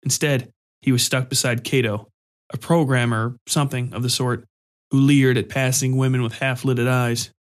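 Male narrator, steady even storybook read. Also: medium pitch, normal speed.

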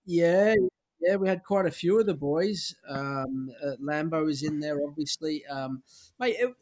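A man's voice: fairly high pitch, unhurried. An Australian man in his forties, a podcast guest telling candid, rambling stories with casual swearing. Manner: relaxed anecdotal, many fillers, casual swearing. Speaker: podcast guest, former footballer. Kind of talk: candid storytelling chat.

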